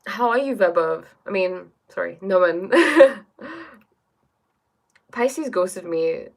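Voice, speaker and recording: A woman's voice: lowish voice, expressive, unhurried, vocal fry. A woman hosting a casual live stream from her bedroom, reading chat aloud and musing reflectively, often checking in with "right?" and "you know?". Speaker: livestream host reading chat.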